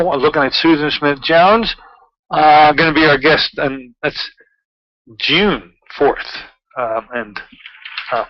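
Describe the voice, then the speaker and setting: A man's voice: a little high, no room sound, muffled recording. A man hosting his own talk show, chatting loosely through news items with many fillers and asides. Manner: chatty, rambling, with frequent fillers. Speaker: radio show host. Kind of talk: casual talk-show monologue.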